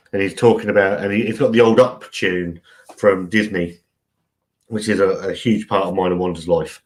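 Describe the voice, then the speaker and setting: Host in his forties, low-pitched, chatty live stream rambler. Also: darkish tone. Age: 40s. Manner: rambling, chatty, swears freely. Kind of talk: casual live stream chat.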